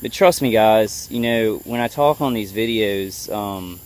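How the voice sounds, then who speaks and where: A vlogger with a lowish voice records a personal video update, halting often and full of fillers and restarts as he tries to stay calm and level.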